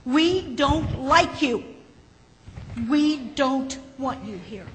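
A woman voicing a group of angry, selfish garden vegetables, speaking loudly and slowly in a scolding tone. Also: sits high, lively intonation, pitched above the performer's own voice. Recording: hall with faint background noise.

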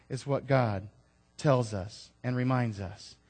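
A man preaching a sermon to his congregation, rising loud on key lines and dropping into casual asides to listeners. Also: medium pitch, brisk. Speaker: pastor.

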